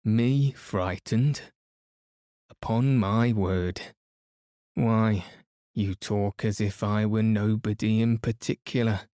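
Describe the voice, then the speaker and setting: A man voicing a cross, haughty old male sand fairy while reading a bedtime story aloud, speaking slowly and gently. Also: on the low side, steady tone, no room sound, clean studio sound. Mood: testy. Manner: cross, haughty, easily offended. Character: ancient grumpy male sand fairy, touchy.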